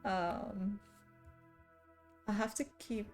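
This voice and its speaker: A woman's voice: medium pitch, fairly even intonation, drawn-out words, faint music behind. A young woman livestreaming, chatting casually with her audience and teasing them playfully with frequent giggles.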